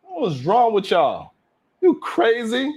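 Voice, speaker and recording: A man hosting his own live stream show, boasting and trash-talking the haters in a loud, hyped rant full of cursing. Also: extremely high pitch, huge pitch swings, takes it slowly. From Brownsville, Brooklyn.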